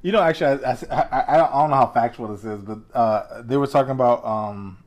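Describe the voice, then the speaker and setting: A man's voice: medium pitch, a little fast. A man in a casual chat, laid-back and slangy, often laughing as he talks.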